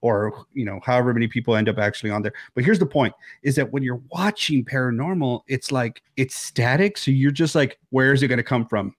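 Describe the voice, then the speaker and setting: Male podcast co-host, young adult, rambling casual talk, mid-pitched, dry close sound. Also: fairly quick, hardly any pauses, no echo. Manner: rambling, restarts his thoughts often. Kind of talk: casual chat. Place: home, remote recording.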